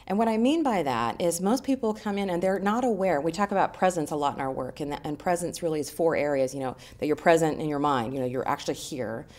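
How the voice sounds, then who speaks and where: A woman who is a communications coach, answering interview questions in an animated, conversational way. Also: fairly low pitch.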